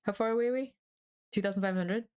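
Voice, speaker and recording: A young woman on a live stream, talking casually to her viewers in a scattered, chatty way. She swears freely and laughs often. Her voice sits at an ordinary middle pitch. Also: quick pace, a little mellow, clean tone.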